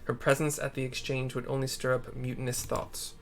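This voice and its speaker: A man's voice: mid-range voice, level tone, fairly quick, natural voice. A man reading out the lines of a solemn young lord in a video game, with formal, old-fashioned phrasing. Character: Hien, a steady young male lord and leader. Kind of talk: reading game dialogue aloud.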